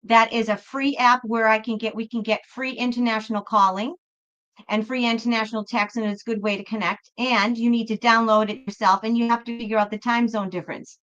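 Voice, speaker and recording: Chatty tarot lady on a live stream, bright pitchy voice, keeps rambling and restarting, kinda dull lo-fi sound. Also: fairly even intonation, brisk. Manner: rambling, chatty, self-interrupting. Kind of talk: casual live-stream chat.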